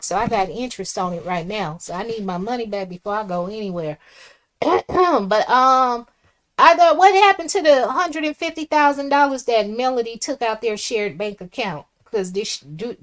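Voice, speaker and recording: A woman hosting a livestream, reading viewer comments aloud and reacting in a casual, chatty way. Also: on the high side. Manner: chatty, reads comments aloud and reacts, swings from soft asides to loud exclamations. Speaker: livestream host reading chat. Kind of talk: casual live chat commentary.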